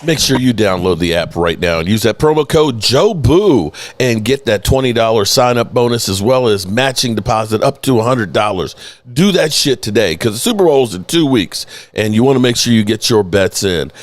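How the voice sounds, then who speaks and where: A man's voice: mid-range voice, expressive, normal speed, dry recording. A man hosting a live sports talk stream, loose and joking, swearing freely as he greets viewers by name. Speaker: host of a sports news channel.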